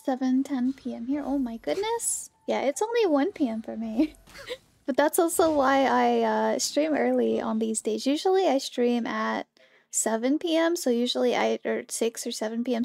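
A woman streaming a game and chatting casually with her viewers, bubbly and greeting them by name, with a slightly hoarse morning voice. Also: a little high, a little mellow. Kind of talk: casual livestream chat.

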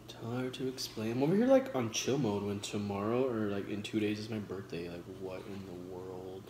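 Speaking at a moderate pace in a lowish, darkish voice, a twenty-something man swears freely and uses slang during a relaxed mukbang chat. This vlogger talks between mouthfuls as he eats on camera, recorded in a noisy room with echo.

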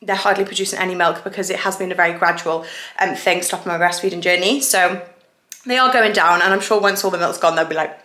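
A young woman chatting casually to a handheld phone camera at home, gushing and excitable as a family vlogger. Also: on the low side, quick pace. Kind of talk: casual vlog chat to camera.

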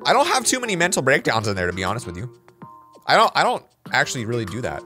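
A man hosting a reaction video, chatting casually with quick asides. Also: medium pitch, huge pitch swings, pushed and bright, soft background music.

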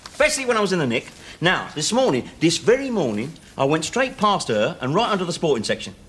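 A man's voice: fairly high pitch, big pitch swings, a bit bright, a little hiss or hum. An actor in his forties playing a wry, cheeky ex-convict father in a 1970s British sitcom, teasing and sardonic. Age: 40s. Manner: sardonic, teasing, quick with jokes. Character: wry middle-aged male ex-con, cheeky joker. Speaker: ex-convict father going straight.

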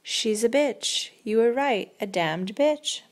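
A woman voicing a nervous, agitated young man who talks in blunt slang and mutters sourly. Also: on the high side. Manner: muttering, sour and hurried.

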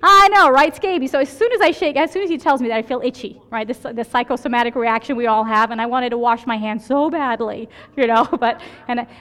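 Fast-talking woman lecturing in a hall. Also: fairly high pitch. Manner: chatty, storytelling, keeps asking "right?". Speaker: emergency physician lecturer. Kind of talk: conference lecture with anecdotes.

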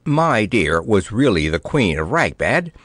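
Expressive man reading a storybook. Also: on the low side, a little slow, dry recording. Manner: expressive, playful. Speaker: audiobook narrator. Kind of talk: storybook narration.

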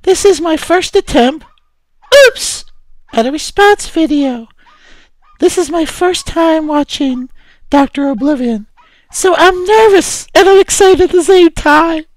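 A squeaky sobbing gushing blogger. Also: male voice, expressive, measured pace, dry recording. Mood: nervous, excited. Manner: gushing, breathless confessions. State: crying. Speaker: vlogger. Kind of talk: parody response video.

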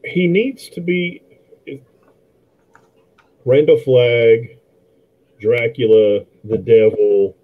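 A man's voice: mid-range voice, very slow, long pauses. A middle-aged man chatting casually about movies as a podcast co-host, with frequent fillers and restarts. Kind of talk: casual movie commentary chat. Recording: tinny phone-like line.

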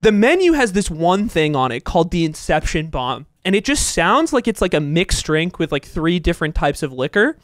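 A young man co-hosting a podcast, telling a long story in animated casual chat, swearing and laughing as he goes. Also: fairly high pitch, moderate pace, few pauses, dry recording, studio quality. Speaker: podcast co-host.

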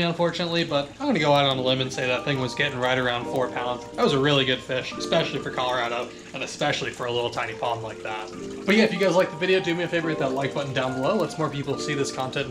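A man filming a fishing vlog outdoors by a small pond, talking excitedly and repeating his exclamations as he lands a fish. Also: on the high side. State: shaky with excitement. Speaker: fishing vlogger.

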